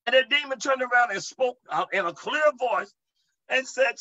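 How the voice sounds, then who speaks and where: A man's voice: very high voice, animated, normal speed, sharp tone, muffled recording. A male preacher teaching a sermon to an online audience, emphatic and full of "amen" and calls to his listeners. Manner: emphatic, repeats "amen" and asks the audience to respond. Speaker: preacher, deliverance minister.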